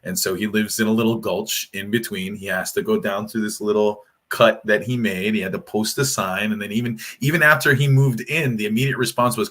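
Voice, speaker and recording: Panelist, male, Hawaiian Pidgin accent, lower pitch, bright forceful tone, emphatic and slangy. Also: steady tone, fairly quick, few pauses. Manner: emphatic, restarts often, slangy. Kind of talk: candid panel discussion.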